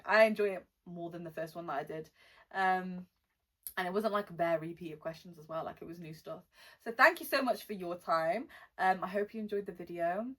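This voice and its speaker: A woman's voice: lowish voice, a bit bright. Woman, young adult, mixed British accent, casual Q&A vlog, blunt, slangy. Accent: mixed British, Welsh-born with West Midlands and London touches. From born in Wales, lives in the West Midlands. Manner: chatty, blunt, slangy, reads questions aloud slowly. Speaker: rapper answering fan questions.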